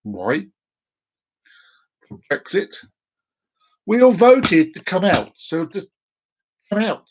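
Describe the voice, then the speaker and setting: A man's voice: high-pitched, huge pitch swings, takes it slowly, darkish tone, slight background noise. A man talking casually to camera on a live stream, rambling and repeating himself, sometimes slipping into silly voices. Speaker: vlogger doing a live stream.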